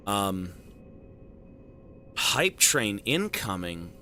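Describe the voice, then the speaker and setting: A man live-streaming a game who thanks his viewers with loud, swearing, joking banter. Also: medium pitch, lively intonation, a little slow, a little hiss or hum. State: has a headache.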